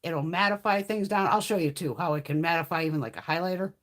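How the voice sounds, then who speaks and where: A woman's voice: lowish voice, quick pace. A middle-aged woman hosting a beauty livestream, chatting casually and bluntly, swearing freely and answering viewers by name.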